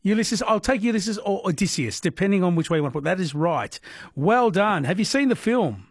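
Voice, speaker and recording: A man hosts a late-night radio quiz in a chatty, easy way. His voice sits fairly high and a little husky. It is recorded close and dry in the studio. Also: expressive, no room sound. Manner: chatty, laughs often, quick to react. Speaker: radio host. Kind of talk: overnight radio quiz chat. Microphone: studio microphone.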